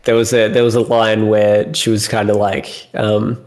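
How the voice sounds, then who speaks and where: A man with a lowish voice in casual podcast talk. He is laid-back, mostly agreeing and adding short remarks. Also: completely flat delivery, moderate pace, hardly any pauses, darkish tone. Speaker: podcast co-host. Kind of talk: casual comic book discussion.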